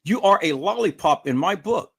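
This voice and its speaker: Man, livestream host, angry profane rant, repetitive, fairly high voice, lively swooping pitch. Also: moderate pace, gravelly, breathy edge.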